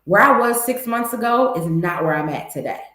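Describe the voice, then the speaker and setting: A woman's voice: mid-range voice, expressive, moderate pace, fairly bright tone. Candid woman with an echoey sound. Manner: candid, emphatic, talks straight to viewers. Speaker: host. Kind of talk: motivational vlog talk.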